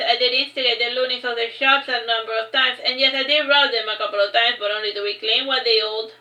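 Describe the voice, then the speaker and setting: Bright-voiced woman reading in an echoey room. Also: on the high side. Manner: unpolished reading with frequent restarts. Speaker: author reading her own novel. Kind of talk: casual first-person reading of a fantasy novel.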